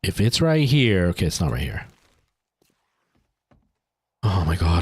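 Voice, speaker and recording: A man's voice: low-pitched, very animated, normal speed, pauses often, husky, dry recording. A man streaming a game live, anxious and jumpy, talking to himself and sometimes dropping to a nervous whisper. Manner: anxious, jumpy, talks to himself under stress. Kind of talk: live gameplay commentary.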